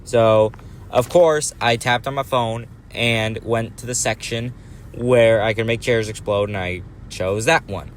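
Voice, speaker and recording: A man telling a crude comic story in a rambling, deadpan way. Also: medium pitch, measured pace, slight background noise. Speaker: comedy storyteller. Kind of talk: comic storytelling over game footage.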